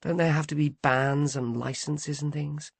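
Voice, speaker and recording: A man voicing an affectionate young woman who speaks softly and quietly. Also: fairly high pitch, fairly even intonation, measured pace, creaky, husky, no room sound, heavily acted. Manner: soft and hushed.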